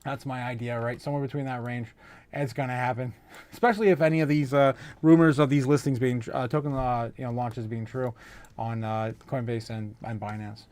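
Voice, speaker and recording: A man hosting a casual crypto livestream, reading viewer comments aloud, excitable and laughing often. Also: mid-range voice, fairly quick.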